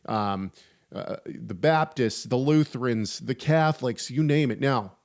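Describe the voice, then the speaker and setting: Male podcast host, mid-range voice, relaxed chatty delivery with dry jokes. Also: mid-range voice, measured pace. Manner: chatty, frequent restarts, wry humor. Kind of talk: casual theological discussion.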